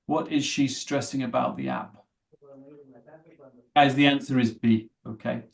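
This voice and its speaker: A man's voice: medium pitch, fairly even intonation, a little slow, vocal fry. A man teaching an English vocabulary class, asking students questions and encouraging them. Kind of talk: live online class.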